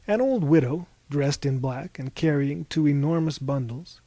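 A man narrating a novel as an audiobook in a measured, wry storytelling manner. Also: a little high, expressive, mellow, no room sound.

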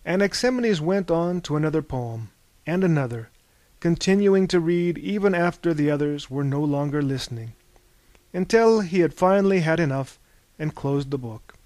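A man reading a comic story aloud in a slow, deadpan manner. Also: a little high, no room sound. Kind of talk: scripted narration.

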